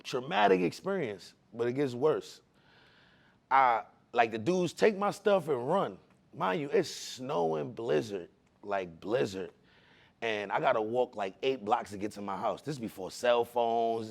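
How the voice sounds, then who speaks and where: Gravelly-voiced man telling his own story. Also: mid-range voice, unhurried. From the Bronx, New York. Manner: animated street slang, acts out voices in his stories. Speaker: speaker giving a personal testimony. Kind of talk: personal testimony storytelling.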